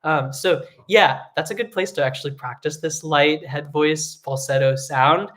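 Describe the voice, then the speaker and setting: In an online vocal lesson, a singing teacher explains technique in a relaxed way with frequent fillers, speaking in a mid-range voice at normal speed.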